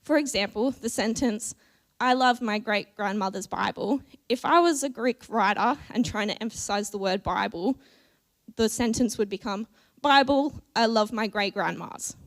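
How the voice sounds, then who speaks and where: A woman's voice: on the high side, normal speed. Earnest woman preaching a sermon. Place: church.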